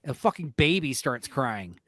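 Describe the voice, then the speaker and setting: A man's voice: medium pitch, measured pace, no echo. A man hosting a casual talk stream, telling stories with lots of swearing and acted-out quotes. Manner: animated storyteller, swears freely, acts out quotes. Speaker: podcast host. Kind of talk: casual chat.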